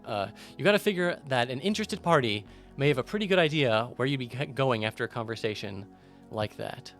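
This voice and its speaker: A man's voice: medium pitch, animated, brisk, fairly bright tone, soft background music. A man voicing a shady male street businessman in a game, sly, wheedling and crude.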